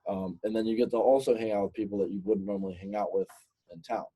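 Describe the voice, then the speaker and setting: A young man hosting a podcast, chatting in a relaxed way and prompting his guest. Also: lowish voice, quick pace. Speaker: podcast host. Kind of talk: casual chat.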